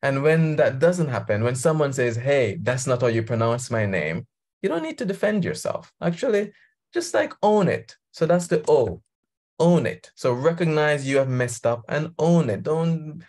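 A man's voice: a little high, big pitch swings, moderate pace, darkish tone. A man coaching leaders, talking conversationally over a video call and laughing easily. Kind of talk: guest talk on a video call.

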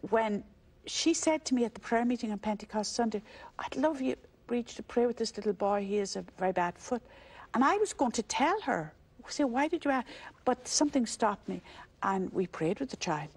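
Older irish nun telling her story, husky breathy voice, acts out the other voices, chatty. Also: mid-range voice. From Ireland. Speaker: religious sister sharing her testimony. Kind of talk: conversational storytelling interview.

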